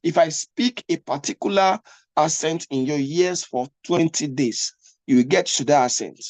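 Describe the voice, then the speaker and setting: A man's voice: on the high side, normal speed, a little mellow, no room sound. A man giving a spoken lesson as an English test coach, often repeating himself and checking whether the listener is following. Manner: repetitive, stumbling restarts; asks listener to follow along.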